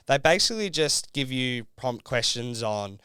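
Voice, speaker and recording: A man's voice: mid-range voice, lively intonation, normal speed, bright, forceful tone, smooth, no room sound. A young Australian man and reality show contestant, telling his story in a casual podcast interview, rambling with lots of fillers.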